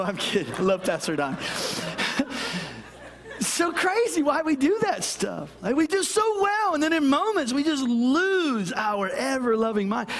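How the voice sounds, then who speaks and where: A man's voice: very high-pitched, fairly bright tone. A middle-aged man preaching a sermon as pastor, telling stories with self-deprecating humor.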